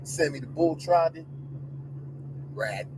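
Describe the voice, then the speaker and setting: A man's voice: fairly high pitch, animated, slow, background noise. A middle-aged man giving an emphatic, repetitive, preachy commentary rant to his online audience from inside a car.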